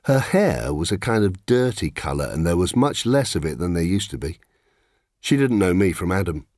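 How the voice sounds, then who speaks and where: A man's voice: sits low, sing-song, moderate pace, a little mellow, no room sound, studio quality. A middle-aged man narrating in the first person, wry, reflective and plain-spoken.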